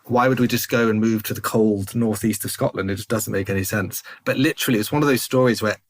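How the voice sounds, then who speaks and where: A man in his thirties, a podcast guest, telling faith stories in an animated, self-interrupting way and chuckling as he goes. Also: lowish voice, fast. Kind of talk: conversational storytelling.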